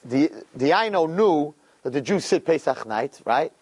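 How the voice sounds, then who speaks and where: A man's voice: a little high, unhurried, slightly rough, low-quality recording. A man teaching a weekly religious class, telling stories and speaking straight to his listeners with lots of repetition. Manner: animated, repeats words, addresses listeners directly. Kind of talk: weekly religious lecture with storytelling.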